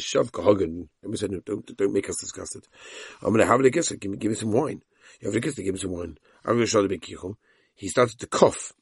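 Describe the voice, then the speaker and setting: Male Talmud teacher, low husky voice, quick delivery, reads Aramaic and retells the story in English. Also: dry recording, studio quality. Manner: tells the story with voiced quotes of the characters.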